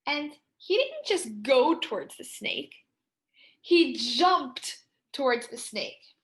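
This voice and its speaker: A young woman teaches a writing lesson to children. Her voice sits high, and she takes her time over each word. She reads her story aloud in an expressive, sing-song manner. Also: slow.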